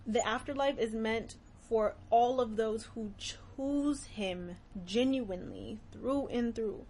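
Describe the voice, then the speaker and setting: A young woman hosting a podcast, talking about faith in an earnest, animated way and often laughing. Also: on the high side, takes it slowly, a little hiss or hum. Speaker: podcast host. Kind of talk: casual faith talk.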